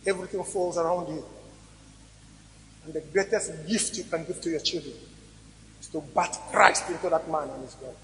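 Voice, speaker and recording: A man preaching a sermon as pastor, swinging between loud emphatic rises and quiet drops. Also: fairly high pitch, steady tone, normal speed, pauses often, a little hiss or hum. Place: church hall. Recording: reverberant church hall recording.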